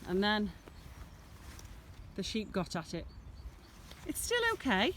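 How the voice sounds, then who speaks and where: Filming herself on a handheld camera out in a farm field, a woman gives viewers a casual walking-vlog tour of her smallholding, chatting in a meandering way and doting on her animals. Her medium-pitched voice swings widely in pitch, moves at a slow pace, and sounds a bit bright, with slight background noise.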